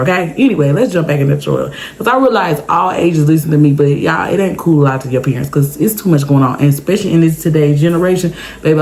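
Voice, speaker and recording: Animated chatty woman telling a story. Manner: animated, chatty, keeps checking in with "okay?"; big pitch jumps for emphasis. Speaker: storytime vlogger. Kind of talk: casual storytelling to viewers.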